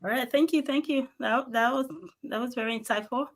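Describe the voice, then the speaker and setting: A woman's voice: on the high side, brisk, a little hiss or hum. A woman moderating a discussion panel, thanking speakers and handing over questions politely. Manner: brief, polite handovers.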